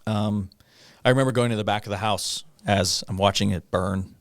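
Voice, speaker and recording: A middle-aged man speaks in a lowish voice, close and dry with no room sound. He talks in a halting, conversational way, stopping often on fillers. Now and then he breaks into a rueful laugh as he tells a personal story to an interviewer. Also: fairly even intonation, no room sound. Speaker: guest, police officer.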